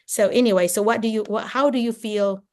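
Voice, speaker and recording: Older woman, retired educator, lively and chatty, lots of "you know", heard over a video call. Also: a little high, a little fast. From Philippines. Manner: animated, acts out classroom exchanges, many "you know"s. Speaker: retired teacher and administrator, guest speaker. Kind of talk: casual advice talk on a video call.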